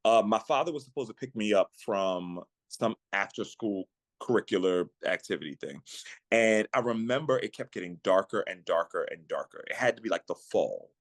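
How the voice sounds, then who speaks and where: A man on a podcast, earnestly telling a personal story of faith in a reflective way, slowing down at the emotional moments. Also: fairly low pitch, expressive, dry recording. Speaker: guest, actor and singer.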